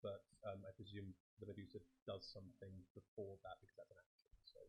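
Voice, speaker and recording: A tabletop game player with a husky voice giving short, casual replies. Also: deep voice, completely flat delivery, fast talker, darkish tone. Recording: dull lo-fi sound.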